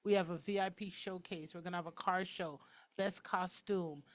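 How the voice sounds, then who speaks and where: A woman hosting a talk show, talking quickly and emphatically in a casual, outspoken way. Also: lowish voice, steady tone.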